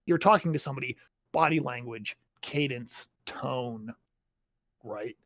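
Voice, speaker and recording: A man's voice: mid-range voice, measured pace, fairly bright tone, no echo. Dry-sounding man explaining at length. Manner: explanatory, keeps adding tag questions. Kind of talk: casual chat about writing.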